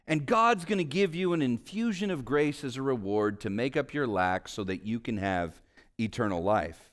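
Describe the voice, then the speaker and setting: A man, a pastor, preaching a sermon with animated swings in pitch and volume, telling stories along the way. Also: moderate pace.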